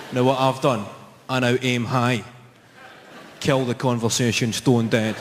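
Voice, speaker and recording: A man with a Scottish accent performing a stand-up comedy set, animated as he tells his stories. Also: mid-range voice, noisy background. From Scotland. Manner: animated storytelling, jumps into put-on voices. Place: large theatre with a live audience. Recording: echoey live theatre recording, roaring crowd. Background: audience laughter.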